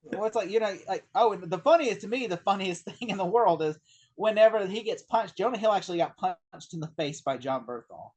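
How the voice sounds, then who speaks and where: A man in a casual film discussion, retelling behind-the-scenes stories in a rambling, animated way with lots of fillers. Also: sits high, a little fast, slightly rough. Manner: rambling, animated anecdote-telling with many fillers. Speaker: film review co-host.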